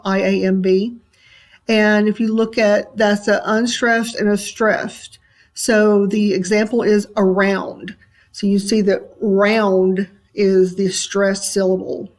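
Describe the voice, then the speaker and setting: A woman teacher giving a recorded lesson, talking in a relaxed way with many ums and uhs. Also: medium pitch.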